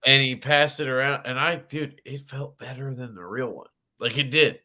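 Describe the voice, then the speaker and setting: A man's voice: medium pitch, moderate pace, sharp tone. A man hosting a casual livestream chat, rambling and swearing freely while he laughs. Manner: profane, rambling, laughs often. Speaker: podcast host.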